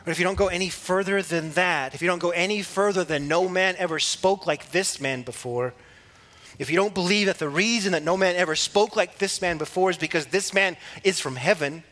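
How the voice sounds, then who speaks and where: A preacher teaching from the Bible in a relaxed, conversational way, with small laughs and restarts. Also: male voice, sits high, quick pace, hardly any pauses.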